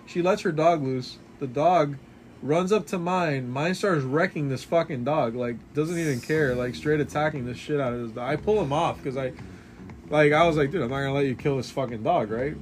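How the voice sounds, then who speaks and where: A man's voice: on the high side, normal speed, slight background noise. A young man in casual chat, swearing freely and acting out the people in his stories. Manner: profane, storytelling, acts out quotes. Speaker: podcast co-host. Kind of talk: casual chat while drawing.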